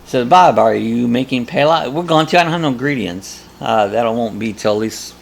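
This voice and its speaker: Gravelly-voiced man hosting a rambling chat. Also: medium pitch, lively intonation, moderate pace, slight background noise. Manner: easygoing, rambling, chatty. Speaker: host. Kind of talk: casual live chat, reading viewer comments aloud.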